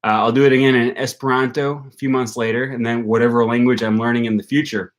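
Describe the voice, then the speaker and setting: Fast and flat, a medium-pitched male voice belongs to a young Wisconsin-accented man from Wisconsin. He runs a language-learning channel and is chatting casually on a livestream, thinking aloud through plenty of ums and likes.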